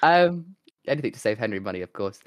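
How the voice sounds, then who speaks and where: A young man co-hosting a casual chat, animated and swearing, acting out what people said. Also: fairly low pitch, fast, no room sound. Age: young adult. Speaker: podcast co-host and streamer.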